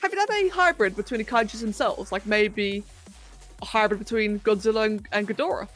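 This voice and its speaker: Faint electronic music runs in the background as a livestream host sculpts and chats. Her voice sits at a medium pitch and moves fairly quickly, and she thinks aloud in a casual, self-deprecating way.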